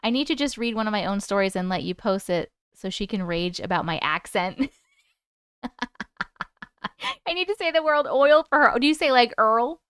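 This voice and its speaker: A woman's voice: mid-range voice, animated, moderate pace, pauses often, smooth, no room sound, clean studio sound. A woman hosting a live stream, chatting casually with viewers, laughing often and swearing freely.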